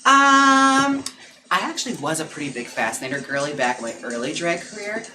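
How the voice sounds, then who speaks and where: Here the young drag performer is very animated, his high-leaning voice taking on a sharp edge as he reads comments from his stream viewers. It's chatty, gossipy talk full of "like," "girl," and quick laughs, captured roughly over background music.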